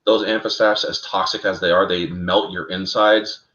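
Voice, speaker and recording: A man co-hosting a casual fan lore talk, animated and calling his listeners "folks". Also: sits low, moderate pace. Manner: animated, addresses listeners as folks, laughs at own slips. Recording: roomy, dull lo-fi sound.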